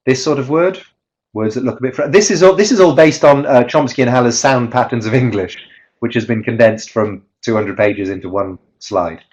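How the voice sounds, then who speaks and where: A man's voice: medium pitch, normal speed, darkish tone, low-quality recording. A man giving an online webinar presentation on teaching pronunciation, explaining step by step and chanting rhythm drills.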